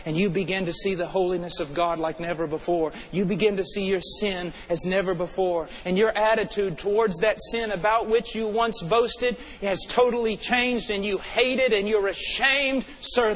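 A male preacher delivering a fervent sermon, swinging between urgent and hushed. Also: high voice, a little hiss or hum, poor audio.

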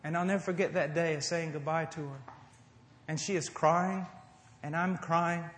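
Before a congregation in an echoing church hall, this high-voiced, middle-aged preacher from the United States alternates between booming emphasis and hushed, heartfelt appeals. His intonation stays fairly even and his pace moderate, with a faint hiss or hum in the background.

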